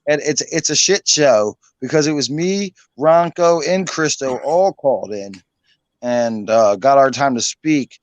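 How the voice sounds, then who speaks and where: A man of medium pitch hosts a casual online hangout, telling a long, rambling story at a measured pace, packed with fillers and offhand swearing. The recording is dry.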